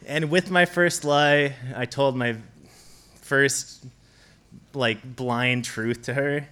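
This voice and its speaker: A man's voice: mid-range voice, steady tone, background noise. Chuckling man telling a stage story. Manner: chuckling, rushed asides. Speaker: storyteller at a live show. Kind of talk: personal story told on stage. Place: stage at a live event.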